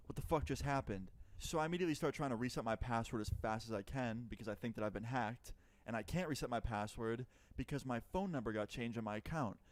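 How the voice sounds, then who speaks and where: A man's voice: medium pitch, fast talker, few pauses, no echo. A man telling a personal story in a chatty, profane way, acting out both sides of the dialogue. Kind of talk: casual storytime narration.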